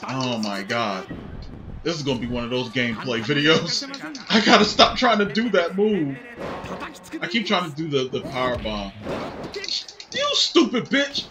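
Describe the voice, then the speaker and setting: A young man giving casual gameplay commentary, cursing and shouting at the game as he plays. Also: mid-range voice, animated, moderate pace. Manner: loud, swearing outbursts at the game. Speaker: gaming channel host. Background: game music.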